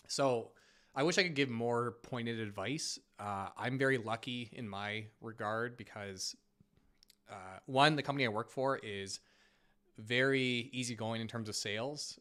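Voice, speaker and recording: A man's voice: on the low side, fairly bright tone. A Canadian man hosting a casual live stream Q&A on finance, chatty and self-deprecating, a little scratchy from a cold. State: getting over a cold, slightly scratchy. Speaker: finance channel host.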